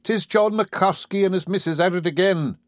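A man's voice: high voice, moderate pace, no echo, studio quality, voice pushed up, close to an everyday voice. A man voicing an easygoing Irish beat policeman who muses in a lilting way. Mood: wry. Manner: musing, lilting.

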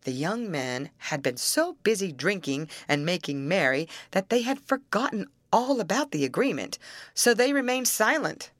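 Expressive woman reading a fairy tale. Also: mid-range voice, moderate pace, no room sound. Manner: expressive, acting out the characters in raised voices. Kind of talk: fairy-tale read-aloud narration.

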